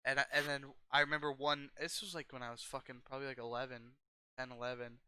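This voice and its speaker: A man's voice: medium pitch, level tone, fast, pushed and bright, clear, resonant tone, no room sound. A young man from Arizona co-hosting a podcast, telling stories in an easygoing way with frequent laughs. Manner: easygoing storyteller, laughs often, says dude. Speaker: podcast co-host. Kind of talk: casual chat.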